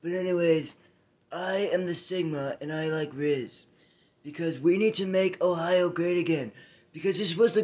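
A man acting out a boastful older ex-president, voiced well above the performer's own pitch. He brags about himself nonstop and keeps mixing up names mid-sentence. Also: darkish tone, lightly acted. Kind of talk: comedic impression sketch.

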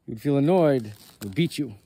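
A man voicing a stern male prophet who scolds with forceful, indignant lines. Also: a little high, brisk, lightly acted. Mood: scolding.

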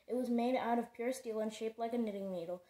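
A woman's voice: on the high side, fast talker. Woman reading a novel, echoey. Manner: steady, with frequent stumbles and self-corrections. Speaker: reader.

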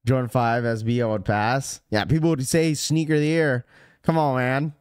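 A man hosting a sneaker podcast livestream, talking in a casual, animated, joking way as he rants to his chat. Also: mid-range voice, moderate pace, smooth, dry recording, clean studio sound. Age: adult.

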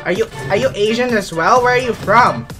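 A young man commentating his own gameplay in an excitable, panicky, jokey way, shrieking and laughing. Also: high-pitched, a little fast, over music. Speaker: gamer and video host.

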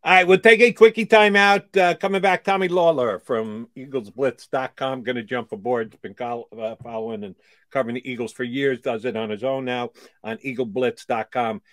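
A man co-hosting a sports talk show, wry and animated with jokey asides. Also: mid-range voice, normal speed, no room sound. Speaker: sports radio co-host.

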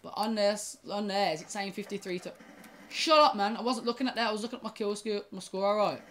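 A young woman chats casually to her audience while she plays. She stumbles and restarts sentences and curses at the game. Her voice sits at a middle pitch, with faint background noise. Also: fairly even intonation, fast. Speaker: gaming YouTuber. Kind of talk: casual gaming commentary.

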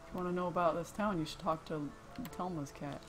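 A woman's voice: lowish voice, fairly even intonation. A young adult woman playing a video game and joking through casual commentary. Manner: teasing, jokey, quick to laugh. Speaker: let's play streamer. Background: game music.

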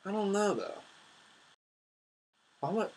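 A young man giving casual, excitable commentary on his own gameplay, trash-talking his opponents. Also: high-pitched, takes it slowly, breathy edge, low-quality recording.

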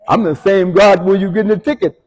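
Male pastor, husky and a bit high-pitched, folksy storytelling sermon that swings from hushed to shouted, long church reverb. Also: fairly even intonation, moderate pace. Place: church sanctuary.

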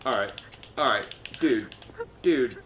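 Slow and frustrated, a male gameplay streamer curses constantly while commentating his own play to himself. He alternates between muttering and yelling in a lively pitch, with a bit of background noise audible.

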